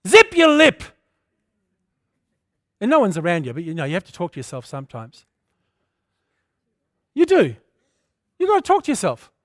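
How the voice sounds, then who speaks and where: A man preaching a passionate sermon, rising to loud declarations and dropping to quiet storytelling. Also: a little high, huge pitch swings, fairly quick, long pauses, no room sound, clean studio sound. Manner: impassioned preaching, swinging between loud declarations and hushed storytelling.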